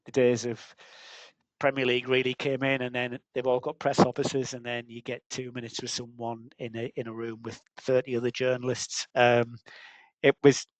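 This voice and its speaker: A man's voice: medium pitch, monotone, moderate pace, dry recording, rough recording. A man in his fifties, a football journalist, telling an old anecdote in a rambling way with many restarts. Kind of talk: anecdotal storytelling.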